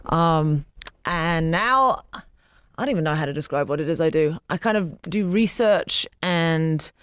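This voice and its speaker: British woman guest, mid pitch, dry close mic, measured explaining. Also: expressive, a bit bright, smooth, no echo. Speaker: podcast guest. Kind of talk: casual panel chat.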